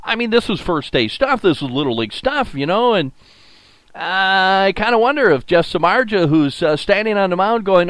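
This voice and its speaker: A man's voice: high voice, sing-song, normal speed, a bit bright, smooth, no room sound. An older man hosting a solo sports talk show, folksy and rambling with lots of fillers. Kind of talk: solo sports radio podcast monologue.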